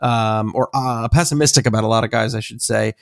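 A man's voice: mid-range voice, fairly even intonation, brisk, gravelly, no echo. A man chatting casually on a podcast in a middle-range voice. He rambles, stacks up fillers and laughs easily. The recording is close and dry. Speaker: podcast co-host.

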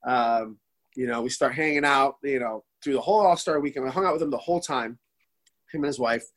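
A man in his forties telling stories excitedly in a casual podcast chat, rambling with many restarts. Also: medium pitch, fairly quick. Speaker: podcast guest. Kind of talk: casual storytelling.

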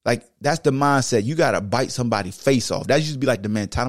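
A man hosting a sports podcast, talking with emphatic repetition that swings between low, heavy stretches and high, excited bursts. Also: fast talker, no echo, studio quality. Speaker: podcast host and former football player. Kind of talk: impassioned monologue.

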